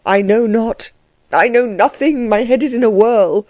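A woman's voice: fairly high pitch, a little slow, a little mellow, dry recording, natural voice. A woman voicing a tearful, fretful old male steward who pleads in long, lamenting sentences. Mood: bewildered.

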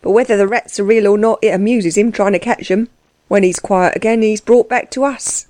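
A woman's voice: medium pitch, fairly even intonation, brisk, a little mellow, no echo, close to an everyday voice. A sly, artful young male thief, voiced by a woman reading aloud from a storybook. He speaks in an easy, matter-of-fact way, and the recording is dry and close.

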